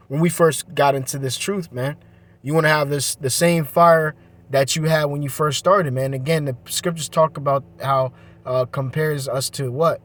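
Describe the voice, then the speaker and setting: A man's voice: mid-range voice, no echo. A man giving a casual scripture teaching in a loose, conversational way, often tossing in "man" and "you know".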